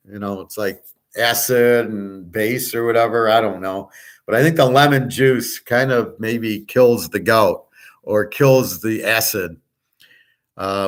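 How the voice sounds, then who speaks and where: A man hosting his own channel, talking in a rambling, blunt casual monologue and swearing freely. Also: on the low side. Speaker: host of a picks and markets channel.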